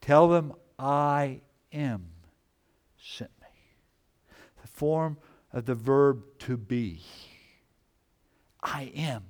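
A man preaching a sermon, slow and emphatic, repeating key phrases and swinging from loud exclamations to hushed, low lines. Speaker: pastor.

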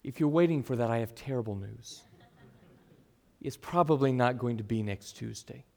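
A middle-aged man preaching a sermon to his congregation, earnest, swinging between full emphasis and soft, quiet asides. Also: medium pitch, normal speed, vocal fry. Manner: earnest, varies loudness widely, drops to soft asides. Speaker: pastor.

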